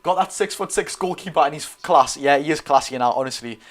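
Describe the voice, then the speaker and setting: A young man with a Geordie accent hosting a live football watch-along, chatty and excitable, reading viewer comments aloud. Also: a little high, a little fast. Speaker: streamer and host.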